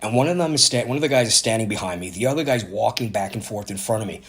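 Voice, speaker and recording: Low-voiced man in his fifties telling a story. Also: lively intonation, fast talker. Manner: casual, rambling, self-correcting. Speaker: vlogger. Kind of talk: personal storytelling.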